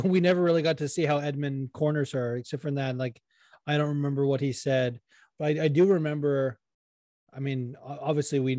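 A man in casual podcast chat about fights, talking in a profane, fast-running way with frequent restarts. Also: medium pitch, warm tone, dry recording, clean studio sound.

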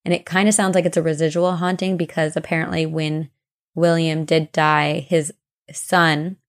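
A young woman with a somewhat low voice co-hosts a casual podcast. She tells ghost stories in a chatty, animated way and acts out the people in them. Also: moderate pace. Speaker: podcast co-host. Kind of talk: casual chat, storytelling ghost lore.

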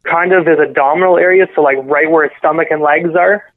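A man guest on a podcast telling a painful personal story in a halting, earnest way, often correcting himself. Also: a little high, steady tone. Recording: phone-line audio.

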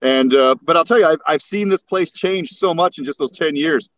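Drawling Texan-born man on a muffled line. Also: on the high side. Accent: slight Southern drawl. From West Texas. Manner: easygoing, joking, drawn-out talk. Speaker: call-in guest. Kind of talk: casual chat. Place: outdoors on a boat. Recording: dull, dry lo-fi line.

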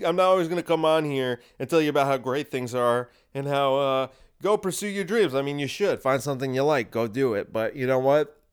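A young man hosting a podcast, delivering a heated, combative monologue that swings between loud and quiet. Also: mid-range voice, clear, resonant tone. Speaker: podcast host. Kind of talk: ranting monologue.

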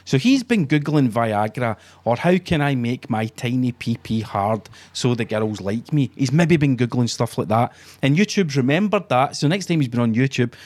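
A man's voice: medium pitch, a little mellow. A Scottish man talks in easy, sweary podcast banter. He mocks as he tells a story and slips into other people's voices to act out their lines. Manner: sweary, mocking storyteller who acts out quotes. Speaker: podcast co-host. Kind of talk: casual banter.

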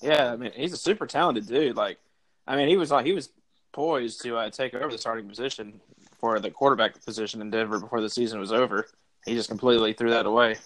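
A man's voice: mid-range voice, fast talker, fairly bright tone, rough recording. Easygoing young man talking football. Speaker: co-host. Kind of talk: casual sports chat.

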